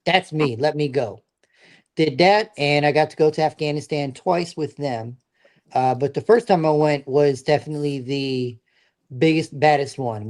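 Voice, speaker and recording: Middle-aged male guest, earnest and plain-spoken, mid pitch, casual storytelling. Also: a little mellow. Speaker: veteran guest.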